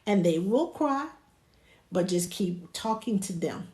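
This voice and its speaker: Mellow-voiced woman giving childcare advice. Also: medium pitch, expressive, slow. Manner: drops to a hushed soothing voice for baby talk. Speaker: childcare provider. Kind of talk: casual advice talk. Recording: echoey room.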